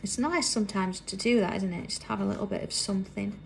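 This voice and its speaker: A British woman hosting a live craft tutorial, chatting as she works and dropping to a soft whisper while she draws. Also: mid-range voice, quick pace, gravelly, a little hiss or hum. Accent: British English. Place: busy indoor craft workroom.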